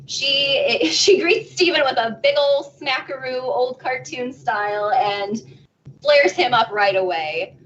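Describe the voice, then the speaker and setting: Woman panelist, higher voice, chatty animated recap; off-mic and dull home recording. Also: slow pace. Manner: animated retelling, acting out characters' lines. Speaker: convention panelist. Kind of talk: casual plot recap. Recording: distant muffled home recording, faint noise.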